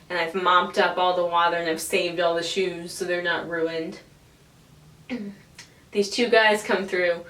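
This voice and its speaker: A woman's voice: fairly low pitch, fairly bright tone. A woman in her twenties, a vlogger telling a casual story, swearing freely and acting out the people in it. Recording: echoey room, distant from the mic.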